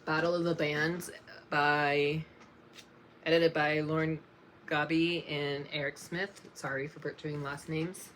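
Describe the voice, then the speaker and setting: A young woman with a low but bright, clear voice takes her time as she reads through her book list, stopping now and then to apologize with a small laugh. The recording has a faint hum of room noise behind her. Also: little pitch movement. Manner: slow and unhurried, often apologizing and laughing softly. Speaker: book vlogger. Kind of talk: casual reading-list vlog.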